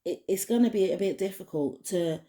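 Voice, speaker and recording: A woman's voice: on the low side, fairly quick, dark tone. A woman giving a casual spoken oracle card reading, rambling with many restarts and fillers. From United Kingdom. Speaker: tarot card reader.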